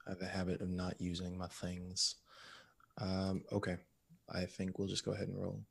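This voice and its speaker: A male player at a tabletop game, chatting in an easygoing, low-key manner. His voice is on the lower side. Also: monotone, normal speed, creaky, husky. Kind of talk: casual tabletop play.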